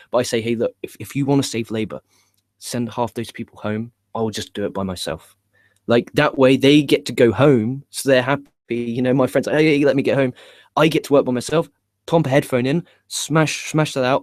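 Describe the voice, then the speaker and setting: A man's voice: mid-range voice, no room sound, studio quality. Profane rambling young man. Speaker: wrestling news show co-host. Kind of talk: live rambling chat.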